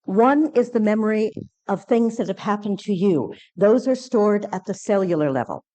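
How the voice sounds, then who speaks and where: An earnest woman lecturer recounts a personal experience to a conference audience. She speaks at an average pitch, often halting and restarting her sentences. The sound is dry and close. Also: animated, warm tone, no echo.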